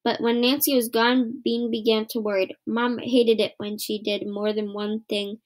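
Storybook reader, woman, high-pitched, steady read-aloud. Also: normal speed. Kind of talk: reading a children's book aloud.

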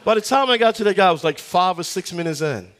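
A man preaching a sermon as a guest pastor, telling lively stories and slowing down hard on key phrases. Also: sits high. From United States. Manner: animated storytelling, acts out voices in anecdotes.

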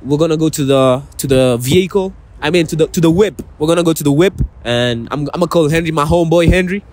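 A man's voice: a little high, fast, a little mellow, a little hiss or hum, close to an everyday voice. A man putting on a swaggering American country drawl. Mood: boastful. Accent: put-on American country. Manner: swaggering, boastful slang. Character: brash young American country-accented man.

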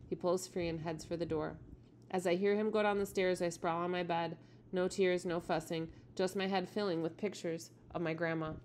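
Woman reading a novel aloud, low voice. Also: fairly even intonation, normal speed, a little mellow, a little hiss or hum.

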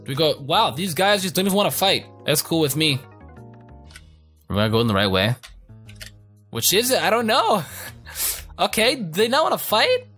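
A young man giving casual, profane commentary over his gameplay, joking, rambling and reacting loudly to what happens on screen. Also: high-pitched, wildly swooping pitch, normal speed, pauses often, breathy edge. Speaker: let's play gamer. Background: faint game music.

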